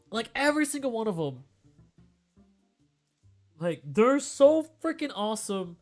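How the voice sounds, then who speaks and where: A man's voice: sits high, big pitch swings, a little slow, pauses often, faint music behind. A young man streamer in a tearful, rambling casual chat, full of fillers and emotion.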